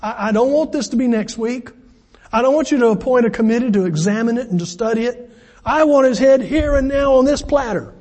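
A man's voice: very high voice, brisk, a little mellow, pitched above the performer's own voice. A preacher voicing an impatient young woman who insists on her demands. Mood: insistent. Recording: long hall reverb.

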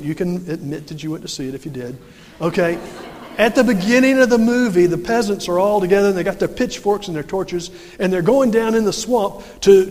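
A man's voice: sits high, darkish tone, big-room sound. A male pastor preaching a sermon in a folksy way, firing rhetorical questions and answering them himself.

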